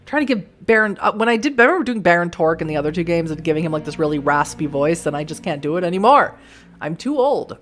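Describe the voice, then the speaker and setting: A woman's voice: on the low side, animated, quick pace. A woman in her mid thirties giving casual let's-play commentary, chatty and laughing often, with casual swearing. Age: 30s. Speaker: streamer reading a visual novel aloud.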